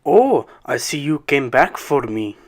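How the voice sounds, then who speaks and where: A woman's voice: a bass voice, very animated, a little slow, voice pushed down, exaggerated voice. A woman voicing a pushy male stranger who speaks with a thick Russian accent in an insistent, clipped way. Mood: smug.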